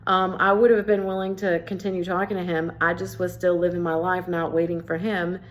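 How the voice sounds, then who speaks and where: A woman recounting a story straight to camera in a casual vlog. Her voice sits a little low, and she jumps into quoted dialogue with lively, animated shifts. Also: fairly quick. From New Jersey. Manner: animated, acts out both sides of conversations. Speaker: vlogger.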